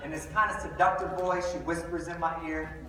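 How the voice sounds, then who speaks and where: A man's voice: a little high, level tone, a little fast, sharp tone. A man giving a humorous motivational talk to a live audience, telling a story with playful comic timing. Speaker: motivational speaker. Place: large hall with live audience. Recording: echoey hall, far off, crowd noise.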